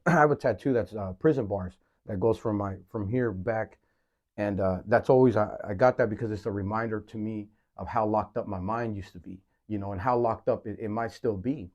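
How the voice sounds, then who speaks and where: A man hosting a podcast, speaking candidly in a halting personal monologue, often repeating words and saying "man". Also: lowish voice, a little mellow, lo-fi sound. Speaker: podcast host.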